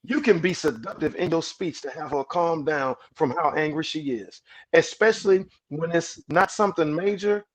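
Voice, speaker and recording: A man speaking as a podcast guest, preachy in manner, repeating words as he builds a point and dropping low and soft when he quotes calming words. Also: normal speed. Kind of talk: podcast conversation.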